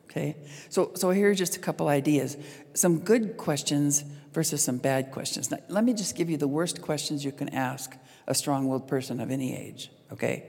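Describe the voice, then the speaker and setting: A middle-aged woman speaking to an audience about relationships, a lively storyteller who acts out the lines she quotes. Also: deep voice, a little fast. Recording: long hall reverb.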